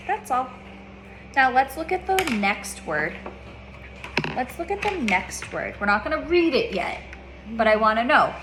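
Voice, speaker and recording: A woman's voice: on the high side, noisy background. A woman teaching a child reading in a one-on-one lesson, patient, repeating her questions and checking in with "okay?".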